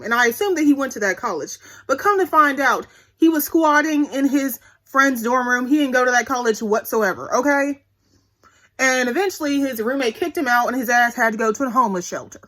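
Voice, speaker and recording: A woman's voice: high voice, fairly bright tone. A woman in her twenties telling a candid, profane story to her viewers in a blunt, chatty vlog. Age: 20s. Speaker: vlogger.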